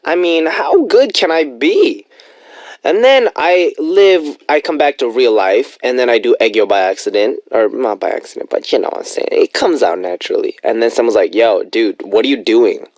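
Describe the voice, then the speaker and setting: A chatty man hosting a music radio show, with playful, upbeat asides between song introductions. His voice sits at an ordinary middle pitch. It is recorded close and dry in a studio, with no room sound. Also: lively intonation, normal speed, darkish tone, no room sound. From United States. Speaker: radio DJ and host.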